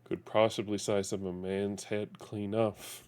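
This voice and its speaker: A man reading out a sneering gangster, low-voiced. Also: little pitch movement, unhurried, a little mellow, smooth, lightly acted. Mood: taunting. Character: menacing male gangster extorting a chef.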